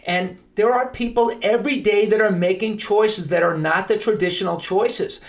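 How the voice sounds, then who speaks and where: A man's voice: high-pitched, normal speed. A man hosting a podcast, telling stories in an earnest, emphatic monologue. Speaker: podcast host.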